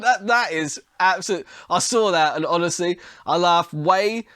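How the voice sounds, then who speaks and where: Hoarse guy rambling on his podcast, kinda high voice, dry close sound, blunt and chatty, swears a bit. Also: measured pace, few pauses, bright, forceful tone, no room sound. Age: adult. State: hoarse and coughing from illness. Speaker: podcast host. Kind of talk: casual solo podcast talk.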